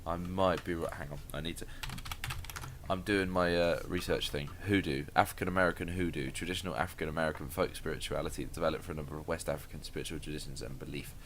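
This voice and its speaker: A man's voice: extremely low pitch, fairly even intonation, fast talker, fairly bright tone, slight background noise. A man co-hosting a casual podcast chat, joking, laughing often and swearing. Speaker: podcast co-host.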